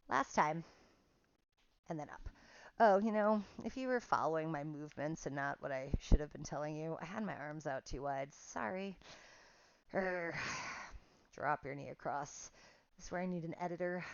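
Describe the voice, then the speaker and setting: A woman's voice: low voice, dry recording, highs cut off. A woman teaching a pilates class online, counting reps aloud and chatting in a casual, self-deprecating way. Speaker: pilates instructor. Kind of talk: guided workout instruction.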